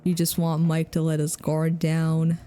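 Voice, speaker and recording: Unhurried, mellow-voiced woman streamer. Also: low-pitched, monotone, soft background music. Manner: playful, laughs often, talks to viewers. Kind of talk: casual game commentary.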